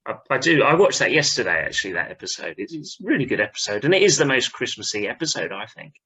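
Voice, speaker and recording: A man's voice: medium pitch, very animated, fast, bright, forceful tone, husky. A man hosting a podcast in casual chat, upbeat and prompting the others to speak. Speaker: podcast host.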